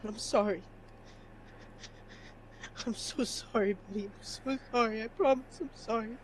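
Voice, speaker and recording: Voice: mid-range voice, normal speed, slight background noise, lightly acted. A player voicing a tearful furry creature hero. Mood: pleading. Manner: pleading, broken. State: crying. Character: furry male creature hero, grieving and desperate.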